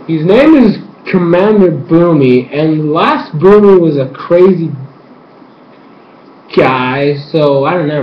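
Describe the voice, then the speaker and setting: Young man, excitable fan recap, high-ish voice, echoey room, muffled sound. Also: a little hiss or hum. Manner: excitable, full of fillers and sudden squealed quotes. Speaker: episode reviewer.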